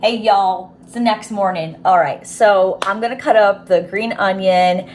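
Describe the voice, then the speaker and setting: A woman's voice: mid-range voice, unhurried, noisy background. A woman cooking in her home kitchen and chatting casually to viewers, giggly and swearing offhandedly. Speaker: cooking vlogger.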